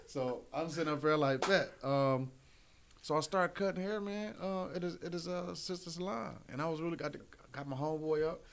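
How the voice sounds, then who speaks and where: A man's voice: fairly high pitch, brisk, background noise. A man, a guest comedian, telling stories in casual chat and acting out other people's lines. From Detroit. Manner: animated, acts out quotes in raised voice. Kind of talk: casual storytelling.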